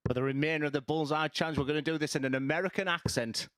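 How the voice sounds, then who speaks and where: A man commentating live darts, jokey and quick to get excited. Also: on the high side, dry recording, clean studio sound.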